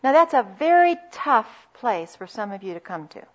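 A woman giving a conversational Christian talk on marriage, telling anecdotes and dropping into soft asides. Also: fairly high pitch, sing-song, normal speed. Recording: dull lo-fi recording.

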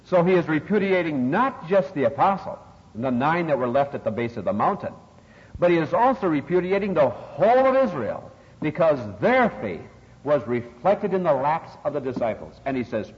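Speaking at normal speed in a slightly high, very animated voice, an older man preaches through a passage of scripture, stressing important words and soaring dramatically on quotations. The audio is dull and lo-fi with a long, hall-like reverb.

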